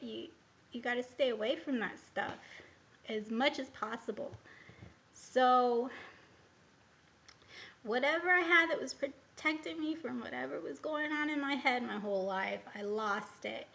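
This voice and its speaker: A woman talks to her camera in a loose, rambling way, circling back on herself with lots of fillers. Her voice sits a bit high and has a gravelly fry running through it. The recording is dull and lo-fi. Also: unhurried, fairly bright tone. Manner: rambling and candid, full of hesitations and "like". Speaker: vlogger. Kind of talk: casual personal storytelling to camera.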